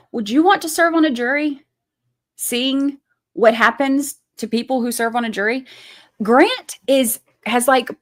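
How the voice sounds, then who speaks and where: A woman's voice: high-pitched, a bit bright. A woman in her thirties hosting a true crime livestream, talking casually and bluntly, swearing freely and reading out chat messages as she goes. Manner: reads chat names aloud and answers them.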